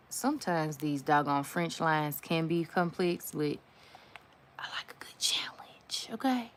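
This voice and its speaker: Low voiced woman doing a slow chatty nail tutorial, slangy, talks right to viewers, goes quiet n whispery when she's focusing. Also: a little hiss or hum. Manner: drops to a whisper while concentrating. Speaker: nail art vlogger. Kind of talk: casual nail tutorial chat.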